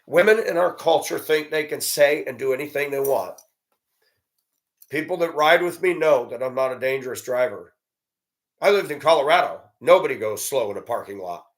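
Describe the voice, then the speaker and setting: A man's voice: medium pitch, animated, brisk. A man giving a blunt, profane, indignant monologue and telling a story about a run-in. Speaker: commentator. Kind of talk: ranting monologue.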